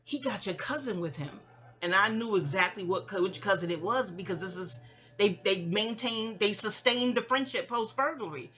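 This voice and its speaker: A woman's voice: mid-range voice, normal speed, sharp tone, faint music behind. A young woman casually telling a personal story, chatty and digressive, often trailing off into asides. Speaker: audio diarist.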